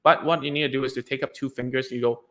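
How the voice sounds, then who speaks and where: A man's voice: mid-range voice, steady tone, fast talker, fairly bright tone. A man coaching parents on their child's speech, talking in a loose, chatty way with frequent restarts and casual slang. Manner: loose and chatty, lots of fillers and restarts, says "dude". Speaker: speech therapy coach answering parents' questions. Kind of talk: casual advice video.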